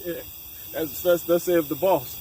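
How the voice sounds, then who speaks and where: A man's voice: a little high, fairly even intonation, unhurried, warm tone, slight background noise, rough recording. A man leading a casual scripture discussion, emphatic and profane, mixing street slang with Bible reading. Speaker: scripture study leader.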